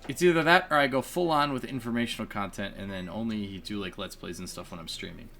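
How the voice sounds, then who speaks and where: A man's voice: fairly low pitch, quick pace, creaky, fairly bright tone, faint music behind. A man giving casual, chatty commentary on his own gameplay, laughing often and poking fun at himself. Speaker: let's play gamer.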